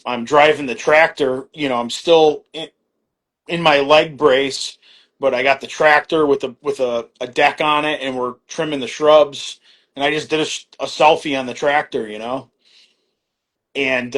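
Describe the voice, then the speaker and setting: A man's voice: medium pitch, fairly bright tone. A middle-aged man talking as a podcast guest, in a loose, rambling way, full of fillers and restarts, acting out quoted back-and-forth exchanges and swearing casually. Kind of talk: casual storytelling conversation.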